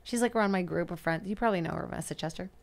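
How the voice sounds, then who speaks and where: A woman's voice: on the low side, very fast, gravelly. A woman in her thirties, a Brazilian-born comedian with a light Brazilian Portuguese accent mixed with an American valley-girl lilt, chatting animatedly on a podcast. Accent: Brazilian Portuguese, with American valley-girl inflection. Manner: chatty, animated, drifts into impressions and laughs. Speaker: comedian, guest. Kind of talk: casual podcast chat.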